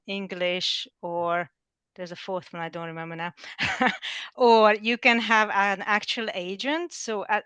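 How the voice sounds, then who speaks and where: A woman's voice: mid-range voice, pushed and bright, clear, resonant tone, no room sound. A woman chatting on a video call, hesitant and restarting as she explains. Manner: hesitant, restarting with short laughs. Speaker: participant. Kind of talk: casual group chat.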